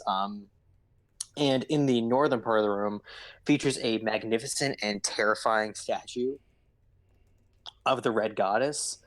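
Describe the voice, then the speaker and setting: A man narrating as game master over voice chat, casual and halting, with many fillers and restarts. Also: medium pitch, no echo.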